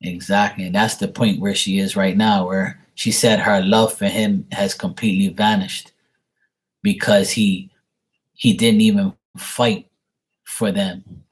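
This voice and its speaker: Husky man venting bluntly. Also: on the low side, little pitch movement, unhurried. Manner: blunt, profane, repeats himself. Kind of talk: casual venting monologue.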